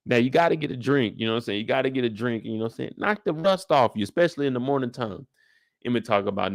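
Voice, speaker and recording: A young man riffing through a live after-show breakdown in loose, slangy talk, cracking jokes and calling out the characters by name. His voice is pitched in an ordinary middle range. It sounds dry and close, with almost no room echo. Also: brisk, creaky. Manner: slangy, joking, talks straight to the characters. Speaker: TV recap host.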